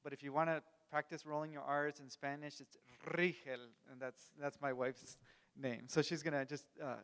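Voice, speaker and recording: A man who leads a ministry, greeting a church congregation in a friendly, halting way with fillers. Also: a little high, level tone, a bit bright, big-room sound. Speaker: ministry executive director. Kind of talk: church guest talk. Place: church sanctuary.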